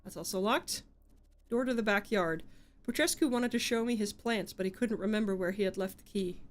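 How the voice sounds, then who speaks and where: A woman's voice: medium pitch, a little fast. A woman streaming a horror game, reading dialogue aloud and chatting with wry asides. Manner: chatty, wry asides between read lines.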